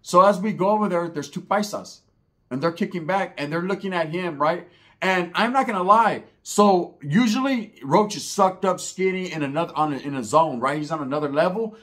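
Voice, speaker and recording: A man spins a comic story with profane, slang-heavy rambling. His voice sits a little high for a man, loose and conversational. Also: moderate pace, fairly bright tone. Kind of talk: comedic storytelling.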